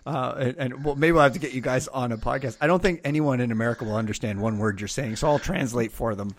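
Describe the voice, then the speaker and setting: A man's voice: medium pitch, quick pace, no echo. A man hosting a podcast in a chatty, enthusiastic way, often laughing with his guest. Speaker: podcast host. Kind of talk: casual chat. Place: in Los Angeles.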